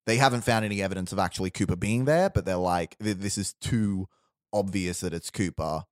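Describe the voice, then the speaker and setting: Man, low voice, dry close sound, rambling storyteller among friends. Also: brisk, no room sound. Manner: rambling, restarts, quotes characters in low voice. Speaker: storyteller pitching a movie plot. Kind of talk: casual chat.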